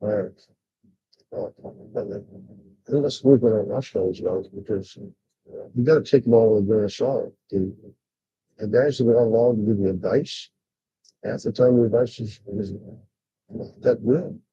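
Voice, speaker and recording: A man's voice: on the low side, unhurried, long pauses, husky, no echo. An older man rambling casually on a livestream, bluntly complaining, with many fillers and restarts. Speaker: vlogger. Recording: dull lo-fi sound.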